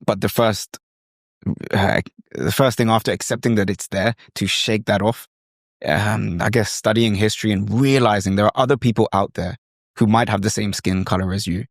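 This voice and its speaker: A man's voice: lowish voice, fairly even intonation, normal speed, no room sound, studio quality. A man hosting a podcast in conversation, thoughtful and searching for words with frequent fillers.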